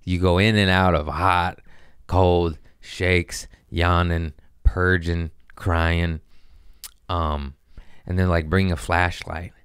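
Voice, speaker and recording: A young man with a low, deep voice tells a rambling, profane comedy story, laughing at himself and acting out other people's lines. The sound is close and dry, with no room around it. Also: slow, clean tone, no echo. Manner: profane, self-mocking, animated with quoted voices. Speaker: podcast host.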